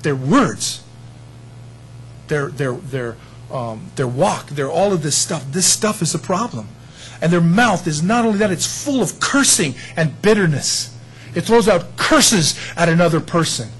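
A man preaching a sermon in a conversational way, with audience asides, swinging between quiet remarks and loud emphasis. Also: fairly high pitch, expressive, unhurried, slight background noise, rough recording. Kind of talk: sermon teaching.

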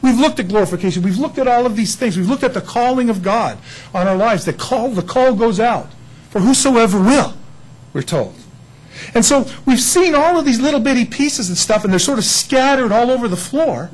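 A husky-voiced man delivers a sermon in a church. He is a folksy storyteller who jokes with his listeners. His voice sits high and swoops animatedly up and down. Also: expressive, moderate pace, rough recording. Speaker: pastor.

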